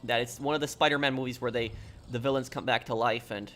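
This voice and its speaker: Bright-voiced man chatting on stream. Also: mid-range voice, fairly even intonation, quick pace, slight background noise. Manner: rambling, answers chat questions. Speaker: game streamer. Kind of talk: casual live-stream chat while gaming.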